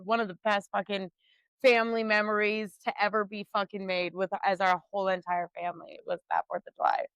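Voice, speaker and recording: A young woman co-hosting a podcast, telling family stories in loud, profane casual chat. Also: medium pitch, flat delivery, fairly quick, smooth, no room sound, low-quality recording. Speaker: podcast co-host.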